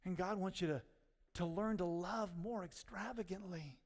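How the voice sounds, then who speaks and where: Male pastor, sermon delivery, storyteller with loud punchlines, reverberant sanctuary. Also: high-pitched, moderate pace. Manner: storytelling, rising to near-shouts at punchlines. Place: church sanctuary.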